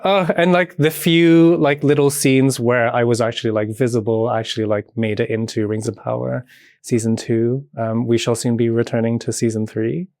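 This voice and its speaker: A lively British man talks as a podcast guest in a mid-pitched voice. His delivery is playful and animated, full of easy filler words and frequent laughter. The recording is dry and close. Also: normal speed, dry recording. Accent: British English. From Britain. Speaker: podcast guest, movement artist. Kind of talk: casual chat.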